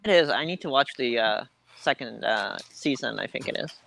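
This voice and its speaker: A man's voice: medium pitch, lively intonation, normal speed, vocal fry, fairly bright tone, slight background noise, poor audio. A man chatting on a video call as a guest, rambling through history with many ums and self-corrections. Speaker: guest, a heathen polytheist. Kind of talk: casual group chat.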